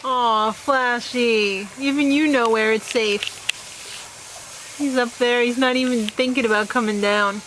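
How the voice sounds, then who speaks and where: A woman's voice: a little high, fairly even intonation, measured pace. A woman chatting casually at home, laughing often and reacting with dramatic disgust. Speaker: vlog host. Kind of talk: casual chat. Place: home kitchen, then a yard outdoors. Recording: noisy home video.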